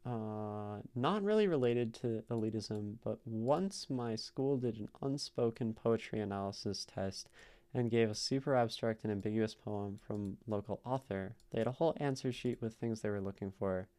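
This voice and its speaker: A man's voice: lowish voice, normal speed, dark tone. A man hosting a live stream, casually analyzing poetry and thinking aloud as he taps out rhythms in syllables. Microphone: streaming mic.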